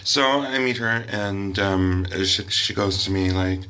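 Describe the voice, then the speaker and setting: A man, a drag performer telling a rambling, animated story in a vlog. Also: low voice, measured pace, clean tone. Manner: rambling, animated, acting out quoted voices.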